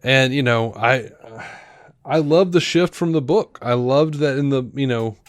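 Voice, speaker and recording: A man's voice: medium pitch, unhurried, no echo. Rambling man on a podcast, dry sound. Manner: rambling, full of fillers and restarts; animated retelling that acts out quoted lines. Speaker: podcast co-host. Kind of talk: casual chat.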